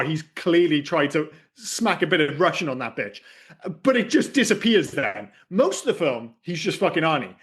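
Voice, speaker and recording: A man co-hosting a podcast, giving strong, sweary opinions in casual film talk. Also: fairly high pitch. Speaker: podcast co-host.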